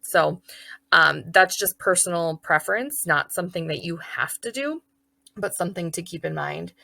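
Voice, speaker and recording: A young woman teacher explains how to guide young children's writing, her fairly low voice creaky and sharp at a moderate pace on a dry recording. She's chatty and upbeat, acting out children's voices and words of praise.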